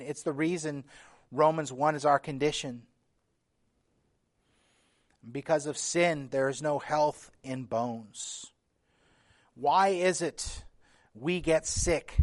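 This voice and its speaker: A man preaching a sermon as pastor, earnest and emphatic, reading scripture aloud with feeling. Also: fairly high pitch. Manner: earnest preaching, building emphasis with repeated phrases.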